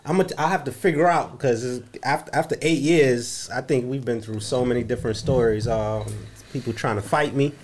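A man speaking in a casual podcast chat, slow and halting, with many restarts. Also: medium pitch, darkish tone, a little hiss or hum.

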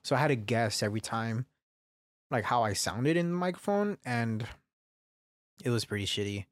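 A young man talking alone on a podcast in a loose, rambling way, dropping swear words into nearly every sentence. His voice sits at an ordinary middle pitch. The sound is dry, with no room echo, and he drifts nearer to and farther from the microphone. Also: lively intonation, normal speed. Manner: profane, rambling, swears constantly. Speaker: podcast host. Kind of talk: casual solo podcast talk. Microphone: studio microphone, varying distance.

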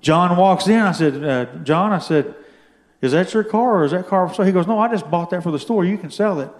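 A man telling a story from his own life as a testimony during a sermon, building to shouted fervor. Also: high voice, fairly quick, echoey room. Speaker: guest speaker giving testimony. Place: church.

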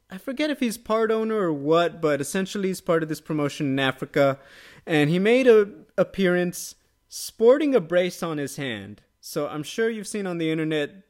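A man hosting a casual MMA podcast, talking quickly and upbeat, tossing questions to his co-host. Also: a little high. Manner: quick, upbeat, conversational with quoted asides. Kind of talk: casual sports chat.

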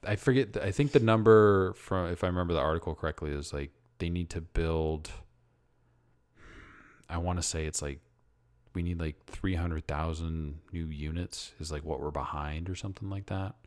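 A man with a very deep voice co-hosts a podcast. He chats casually, floats theories, and trails off while piecing together half-remembered facts. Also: moderate pace. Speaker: podcast co-host. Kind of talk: casual chat.

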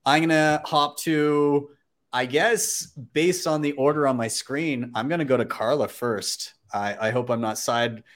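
A man hosting a casual livestream conversation, relaxed and laughing, with lots of fillers. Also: mid-range voice, unhurried. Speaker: host.

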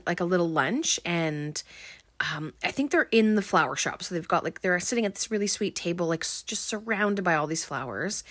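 Chatty woman recapping a movie, loose and rambling, slightly low pitch, dry booth-like sound. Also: fairly bright tone, no echo. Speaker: film recapper. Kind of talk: casual film recap.

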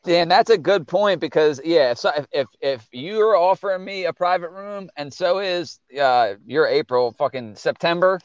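A man's voice: fairly high pitch, expressive, normal speed, hardly any pauses, clean tone, no echo, dull audio. A man hosting a casual chat, cursing freely and joking. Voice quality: crude, laughing interjections.

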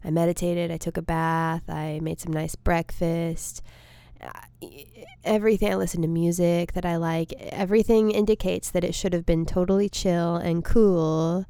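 With a fairly low, warm, clean voice, fairly even intonation, and a moderate pace, this woman talks through a casual solo podcast monologue. She's a comedian rambling from her echo-free studio, self-deprecating and emotional by turns.

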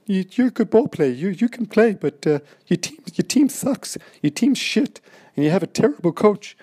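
A man putting on a shrill, strange-voiced coach. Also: sing-song, moderate pace, mellow. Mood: blunt scorn. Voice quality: very high-pitched, strange voice. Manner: blunt, stammering repeats. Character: odd middle-aged male basketball coach, pushy.

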